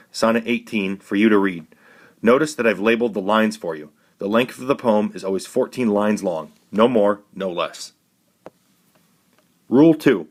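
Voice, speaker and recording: A man with a lower-pitched voice teaches in a recorded classroom lesson. He explains things in a measured, clear, instructive way.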